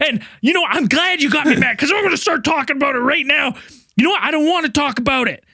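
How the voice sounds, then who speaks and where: A man's voice: extremely high pitch, expressive, fast talker, sharp tone, dry recording, clean studio sound, pitched above the performer's own voice, full character voice. A man voicing a grumpy older man who blusters angrily and snaps orders. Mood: angry. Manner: raised, blustering, exasperated.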